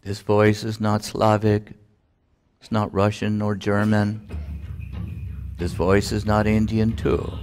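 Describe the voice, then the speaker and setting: A man giving a solemn spiritual talk, with deliberate phrasing and long pauses. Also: fairly low pitch, completely flat delivery, darkish tone, slight background noise. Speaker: spiritual teacher.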